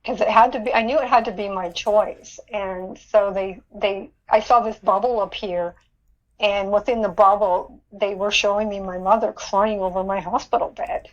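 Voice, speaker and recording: A woman with a mid-range, steady voice speaks at a moderate pace over dull audio. Appearing as a podcast interview guest, she shares a personal experience in earnest, often laughing and repeating herself.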